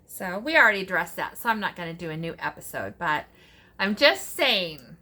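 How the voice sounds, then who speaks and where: A woman's voice: lowish voice, big pitch swings, moderate pace, sharp tone. A middle-aged woman hosting a casual cooking vlog, chatting along with sassy asides as she works. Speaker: cooking channel host.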